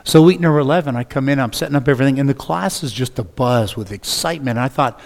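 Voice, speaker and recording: A man preaching a sermon as a pastor, telling stories with lively acted-out dialogue. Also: mid-range voice, fast, gravelly. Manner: animated, acts out dialogue in his stories. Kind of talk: storytelling sermon. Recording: long reverb of a large hall.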